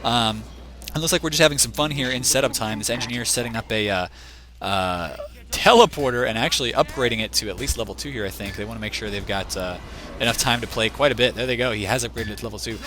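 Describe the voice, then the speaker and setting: A man's voice: mid-range voice, fast, pushed and bright. A man commentating a competitive team shooter match live as caster, rambling and thinking aloud, with a voice worn thin from a long event. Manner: rambling, restless, thinks aloud, chides the camera. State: losing his voice. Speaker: esports shoutcaster.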